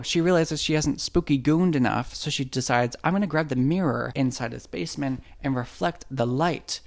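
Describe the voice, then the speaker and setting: A man recapping a horror movie for laughs, his voice gravelly with a creaky edge. He riffs in loose slang and jumps into quick bits where he speaks as the characters. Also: mid-range voice. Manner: irreverent, joking, slangy, acts out characters' lines.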